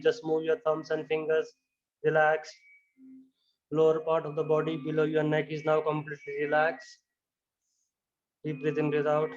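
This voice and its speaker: A man as a yoga instructor, giving slow, calm, step-by-step relaxation cues with frequent fillers, recorded in dull lo-fi sound with faint music behind. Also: on the high side.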